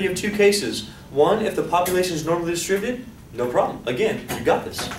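A man's voice: a little high, fast, few pauses, far from the mic. Joking male teacher in an echoey hall. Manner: animated, joking, asks class questions. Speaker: college statistics teacher. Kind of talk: classroom lecture. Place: lecture hall. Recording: echoey hall, voice off-mic, faint hiss.

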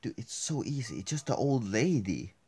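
A man commentating on a horror game he is playing, swearing constantly and swinging between quiet mutters and angry yelling. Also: mid-range voice, big pitch swings, normal speed, husky. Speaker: gameplay commentator. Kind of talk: casual let's play commentary.

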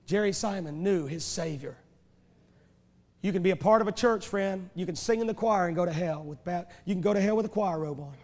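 High-pitched guy preaching a revival, hammering questions, big echoey church hall. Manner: impassioned, hammering rhetorical questions and repeated phrases. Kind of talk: revival sermon. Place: large church sanctuary.

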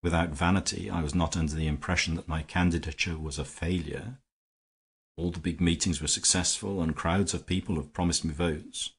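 A man voicing a clever, weary English gentleman with a dry, ironic manner, in an audiobook reading. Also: low voice, steady tone, fairly quick, slightly rough. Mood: puzzled.

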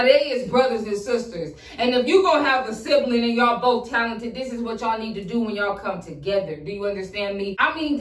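A woman host reacting to freestyles, excited and profane and talking straight at her audience. Her voice sits a bit high. It echoes around the room from a mic set back from her. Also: far from the mic. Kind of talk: casual reaction commentary.

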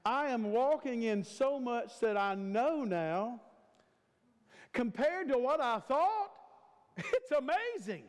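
A man in his fifties preaching with an emphatic, repetitive cadence. His voice is very high and swoops widely as he draws the words out slowly. Long reverb from a large church sanctuary hangs behind every phrase. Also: expressive. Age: 50s. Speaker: guest preacher. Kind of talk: sermon.

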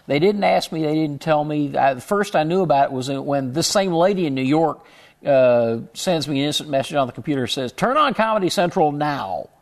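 A man's voice: a little high, brisk, darkish tone. A middle-aged man from Houston, a guest in an interview, telling his story in a rambling way and often correcting himself mid-sentence. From Houston, Texas. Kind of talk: conversational interview.

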